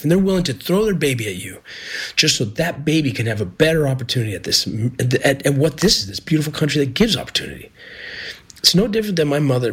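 A man's voice: medium pitch, a bit bright, husky. A middle-aged man, a former border agent and medic, telling a personal story in an earnest, heartfelt way.

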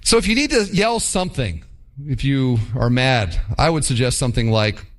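A man preaching a sermon to his congregation, emphatic and animated, acting out quick mock quotes. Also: mid-range voice. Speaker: pastor.

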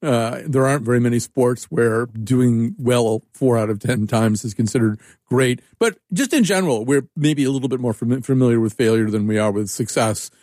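Male host interviewer, reflective and musing, middle pitch, dry close mic. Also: normal speed, hardly any pauses, a little mellow, no echo. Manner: reflective, musing, asks for opinions. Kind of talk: conversational interview.

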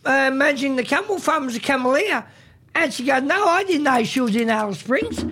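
High-pitched Australian man telling a rambling story. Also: animated, normal speed, pushed and bright, a little hiss or hum. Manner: rambling storyteller, repeats himself. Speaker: host. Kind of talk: casual chat.

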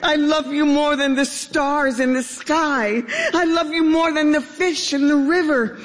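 A woman's voice: on the high side, expressive, unhurried, in a large hall, voice pushed up. Woman voicing a lovesick tearful duck. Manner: pleading, rising to tearful cries. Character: lovesick young male duck, anxious and yearning.

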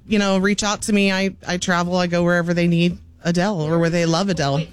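A woman's voice: fairly low pitch, steady tone, quick pace, clear, resonant tone. A woman guest chatting casually on a morning radio show, giggly and talkative. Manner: giggly, chatty, laughs often. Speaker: guest, tribute singer for a famous pop singer.

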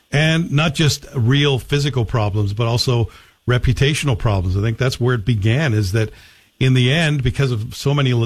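A man's voice: medium pitch, husky. A man hosting a radio talk show, asking direct questions in a conversational way. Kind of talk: radio interview and live read ad.

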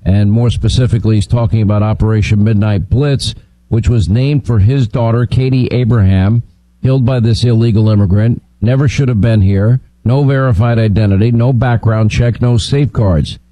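Brisk, emphatic male radio host. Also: on the low side, steady tone, mellow, no echo, low-quality recording. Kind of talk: talk radio hosting.

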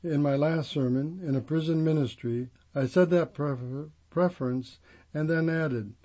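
Male reader, slightly higher voice, steady phrase-by-phrase read; dull lo-fi recording. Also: moderate pace. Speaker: reader of a magazine profile. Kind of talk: reading a first-person profile aloud.

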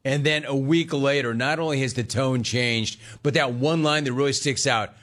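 A man hosts a sports talk radio show, ranting and spinning sarcastic stories while mimicking callers and members of his own family. His voice is medium-pitched and a bit bright, moving at normal speed with few pauses.

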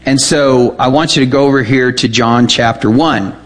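A man's voice: mid-range voice, normal speed. A man preaching a sermon, reading scripture aloud and checking in with his listeners as he explains it. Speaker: pastor.

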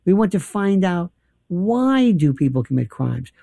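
A man's voice: sits high, measured pace, vocal fry, dry recording, clean studio sound. A man hosting a talk radio show, telling opinionated stories and acting out the people he quotes. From New York. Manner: animated storytelling, acts out quoted people.

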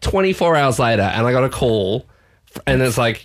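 A man's voice: mid-range voice, big pitch swings, moderate pace. An Australian man co-hosting a radio show, telling a self-deprecating story and acting out the dialogue. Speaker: radio co-host. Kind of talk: casual chat, storytelling.

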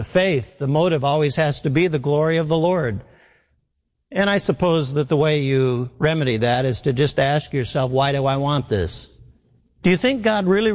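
A man's voice: fairly high pitch, long reverb tail. A man preaching a sermon in an earnest, emphatic way, repeating his key phrases.

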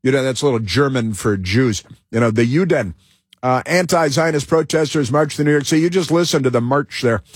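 A man's voice: medium pitch, a little fast, breathy edge, no echo, studio quality. A man hosting a political talk radio show, delivering an emphatic, rambling monologue full of fillers and restarts.

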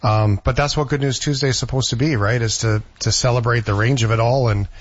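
A man's voice: mid-range voice, fairly even intonation, brisk. A man hosting a talk show in easygoing casual chat, reflective in manner. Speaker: radio host. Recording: dry, dull lo-fi sound.

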